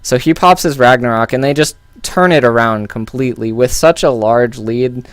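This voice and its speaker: Guy talking through a game replay, smooth clear voice, dry close mic, lots of ums. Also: medium pitch, normal speed, no room sound. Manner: loose and thinking aloud, with many fillers and restarts. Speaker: game analyst. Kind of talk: casual game analysis commentary.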